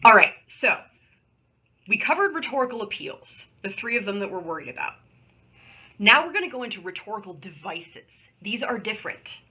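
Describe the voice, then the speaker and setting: A woman teacher talks through a recorded online lesson, patient and conversational, with little asides as she works. Her voice is bright and a bit husky. The sound is dull and lo-fi, from a computer microphone. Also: mid-range voice, very animated, moderate pace. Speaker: high school English teacher. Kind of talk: recorded remote lesson with screen share.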